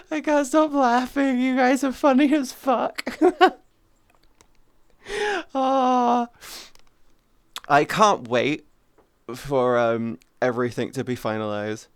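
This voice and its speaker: A woman streaming live, chatting casually with her chat, giggly and playful, sometimes cooing softly in baby-talk. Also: fairly high pitch, animated, extremely slow, pauses often, clear, resonant tone, no echo. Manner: giggly, playful, often laughing.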